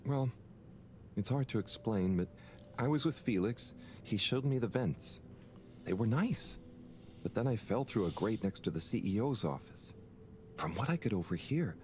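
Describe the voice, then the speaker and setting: A man plays a mild, flustered young janitor in a video game, hesitant and polite, with a sing-song voice that swings high and low. He sneezes now and then, and faint noise sits under the voice. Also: lively intonation, normal speed, a little mellow, natural voice.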